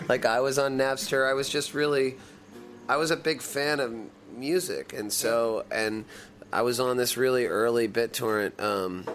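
A man's voice: medium pitch, fairly even intonation, normal speed, fairly bright tone, soft background music. A middle-aged man, a touring musician from the United States, talking casually in an interview and rambling with restarts and fillers.

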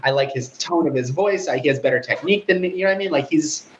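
A young man with a relatively high, nasal voice, chatting animatedly as a guest on a remote interview. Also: highs cut off, a little hiss or hum. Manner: fast, animated, talkative, self-deprecating. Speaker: guitarist and songwriter, guest. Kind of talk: casual interview chat.

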